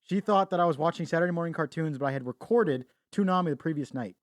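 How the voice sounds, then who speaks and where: A man's voice: a little high, fast talker, dry recording, clean studio sound. A young man co-hosting a podcast, talking casually, joking, laughing and swearing. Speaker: podcast co-host. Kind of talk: casual chat.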